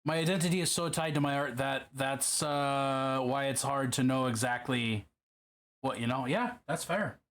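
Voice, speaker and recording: A man's voice: medium pitch, normal speed, fairly bright tone. A man with a put-on Irish accent, hosting a casual livestream while painting miniatures, chatty and profane as he answers his chat. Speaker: livestream host.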